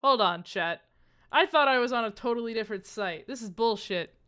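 A woman on a live stream chats casually with her audience in a slightly high, clear, resonant voice. Excitable and quick to swear, she lets out sudden loud outbursts while sounding out and repeating foreign phrases for practice.

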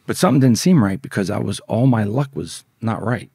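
A man's voice: on the low side, lively intonation, normal speed, gravelly, pauses often, a little mellow, slightly rough, no echo, studio quality. A man guest in an interview, telling a story in a rambling, profane, conversational way. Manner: profane, rambling, repeats words as he goes. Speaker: podcast guest.

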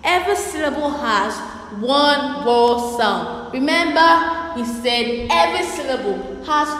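A woman's voice: high voice, animated, a little slow, a bit bright. A woman teaching young children a spelling and reading lesson, spelling words out letter by letter and repeating them. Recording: echoey room with long reverb.

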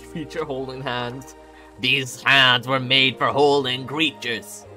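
A man's voice: mid-range voice, steady tone, slow pace, pushed and bright, soft background music. A young man streaming a game, rambling and joking casually with chat and laughing often. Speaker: gaming streamer.

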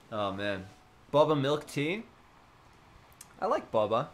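An Australian man hosts a relaxed livestream chat from his home streaming setup. He talks slowly, his pitch swings up and down freely, and he keeps giggling and teasing his viewers. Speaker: livestream host.

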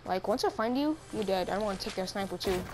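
A woman's voice: mid-range voice, lively intonation, fast talker, noisy background. A woman trash-talking casually with a friend during an online game. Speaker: gamer. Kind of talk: casual gaming chat.

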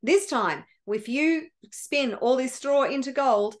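Woman doing a greedy storybook king, drawling and threatening, in her own fairly high voice, spoken slowly as a fairy tale is retold aloud. The menace comes from the words more than from any change of voice. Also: lively intonation. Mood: menacing.

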